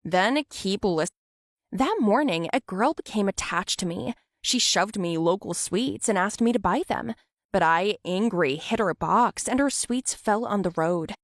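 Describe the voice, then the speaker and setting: A young woman giving scripted narration for an animated story. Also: mid-range voice, measured pace, no room sound, clean studio sound.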